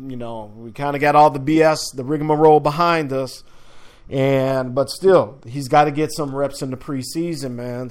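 A man's voice: fairly high pitch, darkish tone. A man hosting a casual sports talk show, loose and chatty, with slang and filler words. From upper Midwest of the United States.

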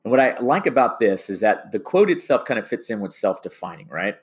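A man's voice: on the low side, sing-song, brisk. A male teacher giving a classroom lecture, rambling and often restarting his sentences.

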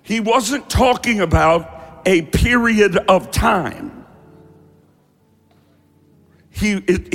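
A man preaching a sermon as pastor, calling on the congregation to shout responses back. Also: high voice, big-room sound.

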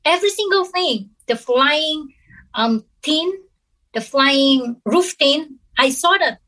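Woman guest, a bit high-pitched, tells her story haltingly and earnestly. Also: lively intonation, sharp tone, rough recording. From Philippines. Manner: halting, earnest, with frequent pauses and restarts. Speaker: interview guest. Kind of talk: personal storytelling.

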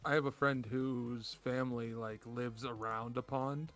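A man's voice: medium pitch, steady tone, unhurried, fairly bright tone, soft background music. A man co-hosting a podcast, telling party stories in casual chat with a laid-back, swearing manner. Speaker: podcast co-host.

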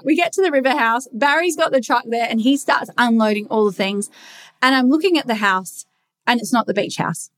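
A young woman talking bluntly in a casual confessional monologue, swearing freely as she rants. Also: medium pitch.

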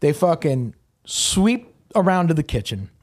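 A man's voice: a little high, sing-song, unhurried. A man from Southern California, a crime scene cleaning business owner, telling blunt, profanity-laced stories as a podcast guest. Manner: profane, blunt, swears constantly. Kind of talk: casual podcast storytelling.

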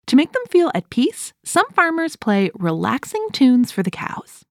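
A woman's voice: high-pitched, big pitch swings, a little slow, darkish tone. A woman hosting a children's toothbrushing show, reading a cheerful, playful script and counting down for kids. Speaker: host.

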